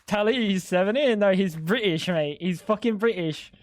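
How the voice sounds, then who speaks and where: Swearing Australian streamer, dry sound. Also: male voice, sits high, moderate pace, no room sound. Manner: profane, joking, indignant. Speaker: game streamer. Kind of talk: casual gaming stream banter.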